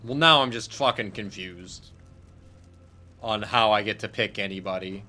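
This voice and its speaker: A man hosting a casual let's-play, excitable and thinking aloud, who swears freely. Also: on the low side, moderate pace. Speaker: gaming channel host.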